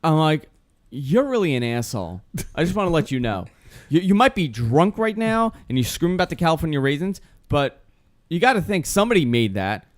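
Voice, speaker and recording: A man's voice: a little high, sing-song, fairly quick. A young adult man hosting a casual chat show, telling stories animatedly and acting out the dialogue. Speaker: host.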